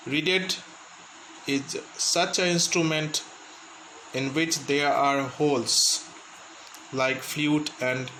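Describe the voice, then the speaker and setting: A male Indian teacher talks through a class lesson at a very unhurried pace, pausing to define words and repeat points. His voice sits a little high for a man. He is recorded in an echoey room with a faint hum of ambience behind him. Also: fairly bright tone. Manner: slow, explanatory, repeats and glosses words. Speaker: school teacher. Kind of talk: English lesson for students.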